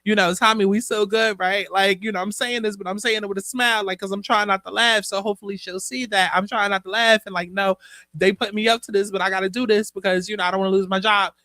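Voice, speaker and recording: A man hosting a casual commentary show, sassy and profane, animated as he dishes the news. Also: high-pitched, fast talker, dry recording. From United States. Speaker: host.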